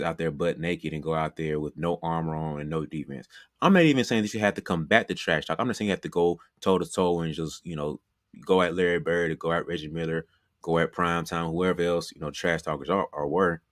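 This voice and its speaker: Here a basketball trainer with a deep voice speaks briskly through a motivational coaching session, keeping it conversational, repeating himself and dropping "you know" often. The audio is studio quality with no echo.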